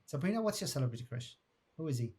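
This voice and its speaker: A man co-hosting an interview podcast, effusive and halting, often restarting his sentences. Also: fairly high pitch, big pitch swings, a little mellow, breathy edge. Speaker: podcast co-host. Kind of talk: casual interview talk.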